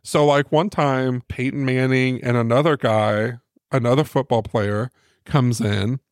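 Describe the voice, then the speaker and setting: A man's voice: medium pitch, steady tone, measured pace, clear, resonant tone, no echo. Man telling a rambling story, dry sound. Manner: rambling anecdote with acted-out quotes. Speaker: podcast co-host. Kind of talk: casual storytelling.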